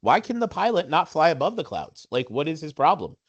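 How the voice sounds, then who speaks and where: A man in his forties, a podcast co-host, telling a story in casual chat with animated, self-mocking humor. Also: on the high side, a little fast, slightly rough, highs cut off. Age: 40s.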